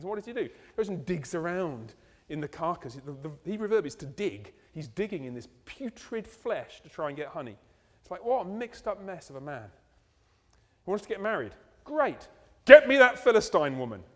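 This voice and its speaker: A man preaching a sermon, animated and full of rhetorical questions. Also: sits high. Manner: animated, rhetorical questions, ending in slow hushed prayer. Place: church. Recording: church hall reverb.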